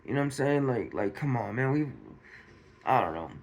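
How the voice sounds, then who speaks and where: A man's voice: mid-range voice, animated, normal speed. A man from Modesto, California, giving casual, slangy commentary on a news story and acting out scenes with swearing.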